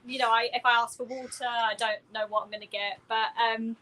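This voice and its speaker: Bright-voiced woman with an Essex accent. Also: a little high, flat delivery, a little fast, low-quality recording. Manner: candid, self-deprecating. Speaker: actor, interview guest. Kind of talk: conversational interview.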